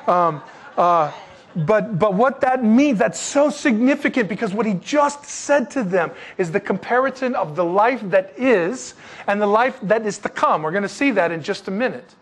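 Animated high-voiced preacher man. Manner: animated, jokey, exclaiming asides. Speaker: pastor. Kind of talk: sermon.

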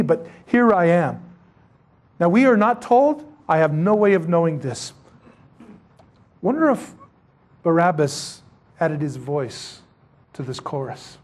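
A man's voice: expressive, a little slow, pauses often, a little mellow. A man preaching a sermon who tells the story dramatically, acting out scenes and rising to emphatic peaks. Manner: rises to emphatic high-pitched peaks.

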